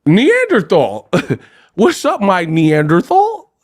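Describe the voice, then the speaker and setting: A man's voice: sits high, huge pitch swings, slow pace, pitched above the performer's own voice, exaggerated voice. A man putting on the voice of a tough gangster from a censored TV movie, mocking with goofy clean insults.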